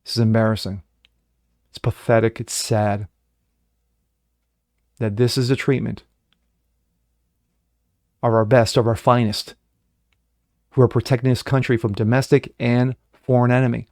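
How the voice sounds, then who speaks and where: A middle-aged man hosting a political commentary show, ranting with heavy profanity, swinging from loud outbursts to low muttering and mocking the people he quotes. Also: flat delivery, unhurried, long pauses, no room sound, clean studio sound. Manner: mocking put-on voices when quoting others. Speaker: host.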